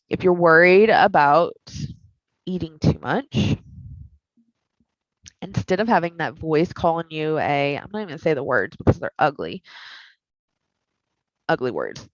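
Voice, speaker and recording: A woman therapist teaching a skills class in a candid, animated, conversational way. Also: fairly low pitch, normal speed, no echo. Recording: dull lo-fi recording.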